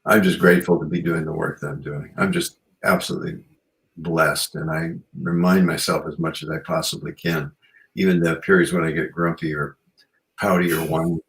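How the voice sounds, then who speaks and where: A man's voice: a bass voice, level tone, a little fast, a bit bright, poor audio. A man hosting a radio show, chatting in a rambling, reflective way with many "you know"s. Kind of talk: casual chat.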